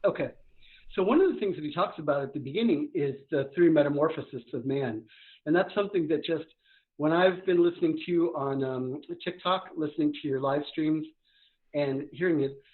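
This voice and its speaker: A man coaching live on a podcast speaks in a slightly high voice that comes through a narrow, tinny remote line. Energetic and quick, he talks a million miles an hour.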